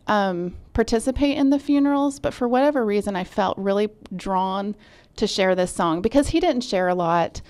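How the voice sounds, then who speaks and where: A woman music therapist speaks on a radio interview with a mid-range voice. She recounts a patient's story gently and reflectively. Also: medium pitch.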